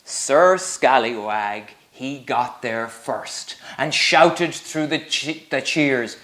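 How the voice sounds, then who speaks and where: A man's voice: on the high side, slow, hardly any pauses, a bit bright. A male teacher reading a storybook aloud to young children, sing-song and full of questions for them. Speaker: primary school teacher.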